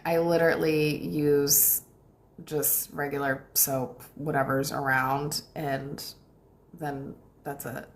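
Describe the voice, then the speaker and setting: Reading viewer comments aloud during a relaxed livestream, a young manifestation coach from the US thanks her audience warmly and laughs lightly. Her voice is low-pitched and creaky.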